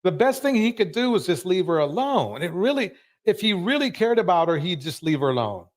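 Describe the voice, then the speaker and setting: A man's voice: a little high, very animated, fast talker. A man hosting a live show, commenting emphatically and ranting about what he has just watched. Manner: emphatic, ranting, repeats himself.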